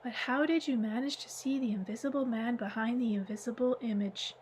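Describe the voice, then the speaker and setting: Woman reading curious skeptical man, questioning, eager, audiobook, higher voice. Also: fairly even intonation, fairly quick, darkish tone, a little hiss or hum, close to an everyday voice.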